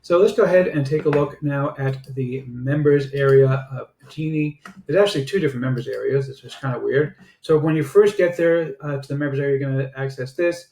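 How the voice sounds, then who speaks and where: A man giving a casual product review and sales pitch, chatty and sprinkled with filler "uh"s. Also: fairly quick, few pauses, a little mellow. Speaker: online marketer reviewing software. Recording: roomy echo.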